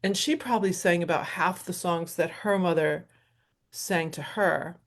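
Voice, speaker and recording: A woman's voice: on the low side, measured pace. A middle-aged woman hosting her show, talking in a casual, rambling solo monologue with frequent laughs. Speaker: host and professional violinist.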